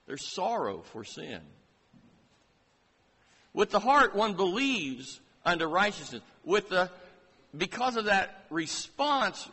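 A man preaching a sermon, slow and emphatic, asking many rising rhetorical questions. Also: on the high side, pushed and bright, breathy edge. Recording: long reverb of a large hall.

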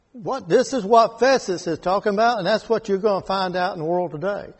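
A man leading a Bible study, reading verses and explaining them slowly and deliberately. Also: high-pitched, husky. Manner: slow and deliberate, rereading scripture verses aloud. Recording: echoey hall with long reverb.

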